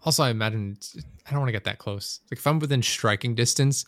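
A man's voice: medium pitch, fast, a bit bright, no room sound. A man in casual chat, rambling and swearing as he vents about a coworker. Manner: profane, venting, rambling storyteller.

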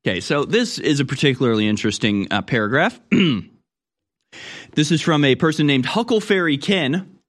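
A man's voice: fairly high pitch, animated, brisk. A man hosting talk radio, reading news and mocking it with sarcastic commentary that often trails off.

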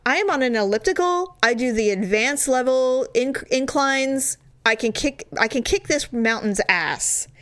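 Woman, casual talk-show storyteller, animated and profane, pitch on the higher side. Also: measured pace, hardly any pauses. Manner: animated storytelling, swears freely, laughs often. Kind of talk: casual chat.

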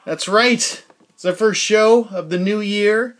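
A middle-aged podcast host talks casually on his own, wandering from thought to thought. His voice sits a bit high for a man, and he fills pauses with "uh" and "like" as he restarts his sentences. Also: a bit bright, faint music behind. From New Hampshire. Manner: rambling, chatty, self-interrupting with fillers. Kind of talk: casual solo podcast chat.

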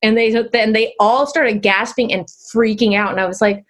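A woman's voice: on the high side, expressive, normal speed, hardly any pauses, a bit bright. A woman chatting as a podcast guest, talking loosely with restarts and frequent laughter. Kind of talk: casual chat.

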